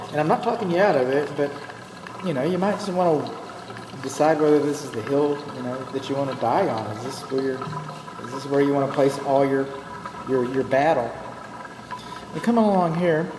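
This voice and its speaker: A man with a Texan accent, a home inspector giving a folksy, chatty walkthrough with joking asides. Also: on the high side. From Texas. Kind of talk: walkthrough narration to a client. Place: empty new house interior. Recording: echoey empty rooms, steady background noise.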